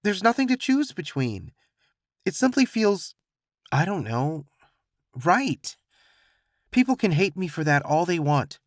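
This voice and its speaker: A heartbroken young man pours out his feelings in a tight, wavering voice that climbs high, barely holding back tears, as a male narrator acts him out. The delivery is lively and pleading, recorded close and dry. It sounds like a storybook romance scene. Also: a little slow, pauses often, dry recording. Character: anxious lovesick young gay man, near tears.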